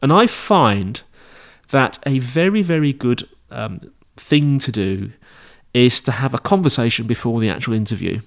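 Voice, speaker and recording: A man's voice: medium pitch, expressive, normal speed, vocal fry. Male podcast host, casual teaching monologue, rambling and self-correcting. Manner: chatty, rambling, with frequent fillers and self-corrections.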